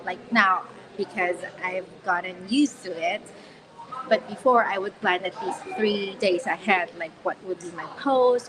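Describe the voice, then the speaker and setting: A woman's voice: medium pitch, rough recording. Chatty woman live-streaming in a busy mall. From Philippines. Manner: chatty and upbeat, with frequent laughs and fillers. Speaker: confidence coach. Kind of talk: live-stream talk to followers. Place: shopping mall, in a public space. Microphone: phone on a tripod. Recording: phone live-stream with mall crowd behind. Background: crowd of shoppers.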